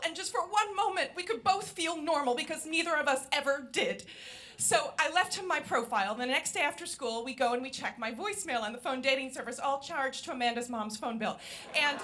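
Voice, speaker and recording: A woman comedian telling a funny story on stage, acting out the people in it in quiet, lower voices. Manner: acts out quoted voices, drops quiet and low for them. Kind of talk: live storytelling performance.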